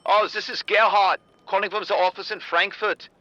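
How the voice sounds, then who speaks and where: A man's voice: high-pitched, flat delivery, normal speed, sharp tone, no room sound, highs cut off, pitched above the performer's own voice. A man putting on a German executive caller. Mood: officious. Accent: German, put on. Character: smooth male German executive on the phone.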